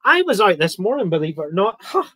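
Fast and very animated, this man's voice sits high with a fairly bright tone on a dry recording. He hosts a live online quiz, chatting with viewers, reading their comments aloud, and kidding around between questions.

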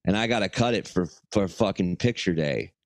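A man's voice: low-pitched, animated, moderate pace, no echo. A man co-hosting a podcast, ranting and swearing in jokey, casual banter. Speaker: podcast co-host.

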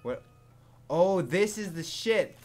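A man giving live commentary over a zombie game, excitable and jumpy, swearing often and laughing at his own jokes. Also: high-pitched, takes it slowly, faint music behind. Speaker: gaming commentator.

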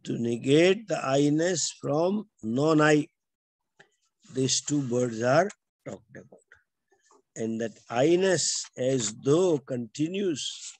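An older man with an Indian English accent teaching scripture, explaining texts and slowly chanting Sanskrit verses line by line. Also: medium pitch, darkish tone.

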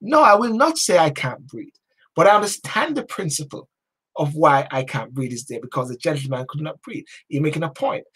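Husky-voiced man preaching passionately. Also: a little high, lively intonation, a little fast. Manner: preachy, repeats chant-like slogans, swings from hushed to loud. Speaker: talk show host. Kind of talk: passionate motivational monologue.

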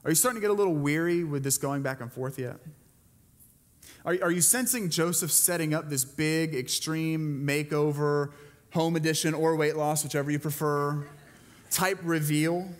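A man's voice: on the high side, moderate pace, long reverb tail. A male pastor giving a sermon, retelling a Bible story in a conversational way and putting questions to the congregation. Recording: preached to a church congregation.

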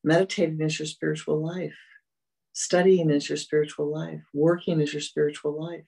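A spiritual teacher giving a meditative dharma talk, gentle and repetitive, often fading to soft murmurs. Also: medium pitch, little pitch movement, normal speed, creaky, breathy edge, poor audio.

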